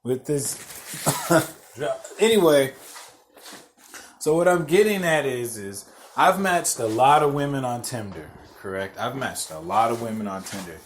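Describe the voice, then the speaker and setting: A man's voice: medium pitch, animated, unhurried, slight background noise. Profane, worked-up man ranting on a podcast. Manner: swears constantly, repeats phrases, gets loud and worked up. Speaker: podcast host. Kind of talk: profane storytelling rant.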